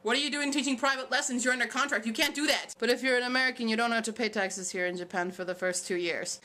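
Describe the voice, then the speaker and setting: A woman's voice: a little high, quick pace, sharp tone. Sarcastic young woman vlogger. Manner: sarcastic, jokey, self-mocking. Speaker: vlogger answering viewer questions. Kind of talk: casual Q&A vlog.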